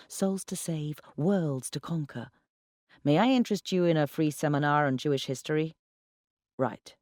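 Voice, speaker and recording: A man's voice: a little high, a little mellow, no echo, clean studio sound. A man reading a first-person novel aloud in a wry, conversational storytelling manner. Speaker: audiobook reader. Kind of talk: first-person literary narration.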